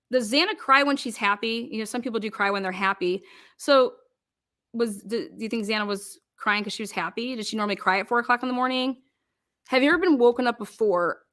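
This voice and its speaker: Woman grilling like a lawyer, pointed questions nonstop, bright sharp voice. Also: mid-range voice. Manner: rapid-fire pointed questioning. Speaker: commentator. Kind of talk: mock cross-examination, commentary.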